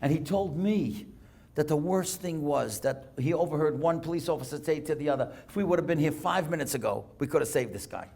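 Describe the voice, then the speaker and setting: A man rabbi giving a storytelling sermon at a synagogue, animated as he reads and translates Hebrew texts. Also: on the high side, a little fast, creaky. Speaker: rabbi giving a guest lecture. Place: synagogue lecture.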